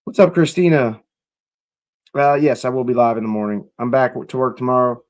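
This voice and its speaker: A man's voice: mid-range voice, a little fast, darkish tone. A man hosting a casual live stream, reacting to clips and chatting with viewers in an offhand, profane way. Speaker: livestream host.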